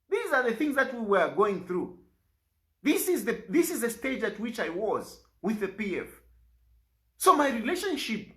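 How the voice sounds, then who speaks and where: A man's voice: high voice, a bit bright. A man with a Zambian accent making an aggrieved, pleading public statement, repeating himself for emphasis. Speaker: politician.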